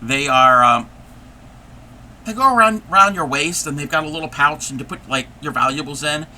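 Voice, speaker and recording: Male stream host, casual crafting chat, slightly high, very bright tone, rambling and laugh-prone. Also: moderate pace, slight background noise. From United States. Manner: rambling, chatty, laughs often. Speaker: livestream host. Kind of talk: casual livestream chat while crocheting.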